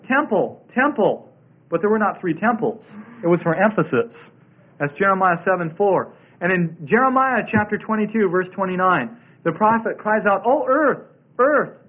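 A man teaching a Bible study in a sermon style, emphatic and repeating his key words. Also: high-pitched. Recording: tinny phone-like radio broadcast.

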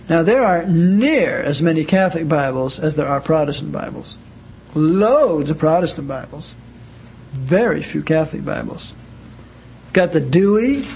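A man's voice: on the high side, lo-fi sound, slight background noise. A man teaching an informal class, talking in a conversational way and acting out spoken examples, with frequent fillers.

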